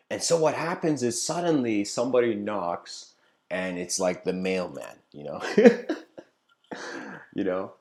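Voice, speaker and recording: A man's voice: fairly low pitch, lively intonation, unhurried, long pauses, darkish tone. A man giving an improvised lecture that mixes a story with reflection, talking loosely with lots of fillers. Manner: loose, filler-heavy, with frequent "you know".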